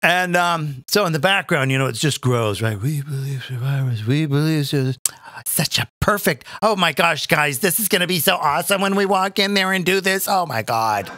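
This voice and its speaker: A man's voice: sits high, lively intonation, normal speed, hardly any pauses, sharp tone, dry recording, clean studio sound. A man hosting a live comedic rant, crude, sarcastic and exasperated. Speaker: comedian host.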